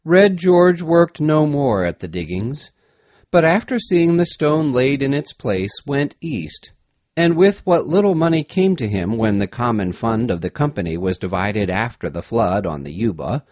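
A man reading an adventure story aloud in an expressive, dramatic manner. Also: medium pitch, a little slow, no echo. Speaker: narrator. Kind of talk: storybook narration.

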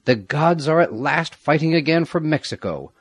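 A man reading the part of a proud young Aztec prince who is mortally wounded, solemn and grave, with a husky voice. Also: fairly high pitch, expressive, moderate pace, no room sound, voice pushed up.

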